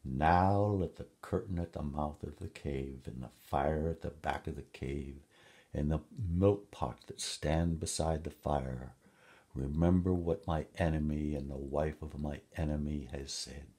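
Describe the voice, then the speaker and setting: A man's voice: a bass voice, warm tone. A man reading aloud and voicing a proud, sly male cat who pleads and boasts in a raised voice. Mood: solemn. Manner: pleading then haughty, raised and quickened.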